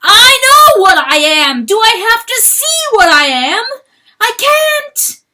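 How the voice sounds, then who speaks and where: A woman's voice: very high-pitched, very animated, takes it slowly, pushed and bright, pitched above the performer's own voice, heavily acted. A woman voicing a guilt-ridden male animal who screams and bellows in despair, in a dramatic audiobook reading. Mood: anguished screaming.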